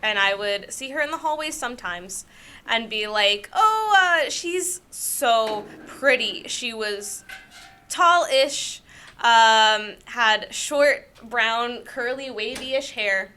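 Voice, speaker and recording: A young woman with a bright, high-set voice shares personal stories on a podcast. She rambles, laughs at herself often and keeps it casual. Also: slow, clean tone. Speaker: podcast co-host. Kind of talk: casual storytelling chat.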